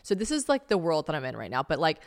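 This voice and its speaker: Podcast host, woman in her late twenties, slightly low voice, rambling and self-deprecating, swears a lot. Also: sing-song, quick pace. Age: late 20s. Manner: chatty and self-mocking, swears freely. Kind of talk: casual solo podcast monologue.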